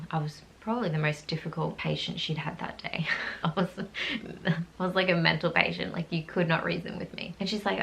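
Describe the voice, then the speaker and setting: A woman's voice: low voice, little pitch movement, quick pace, gravelly. A woman, candidly recounting her hospital stay in a rambling, casual way. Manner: candid, rambling, lots of "like" asides. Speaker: vlogger telling her birth story. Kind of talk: casual personal storytelling.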